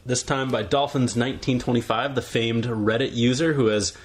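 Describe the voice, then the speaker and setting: A man's voice: medium pitch, steady tone, moderate pace, a little hiss or hum. A man co-hosting a podcast in casual chat, rambling and restarting his sentences. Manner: rambling, many fillers and restarts. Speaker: podcast co-host.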